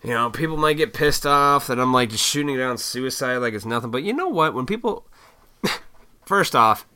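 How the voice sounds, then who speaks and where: A man from Illinois ranting in a casual solo monologue, blunt and profane, with mocking high-pitched put-on voices. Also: animated, normal speed, sharp tone, clean tone. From Illinois, USA. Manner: works in restaurants.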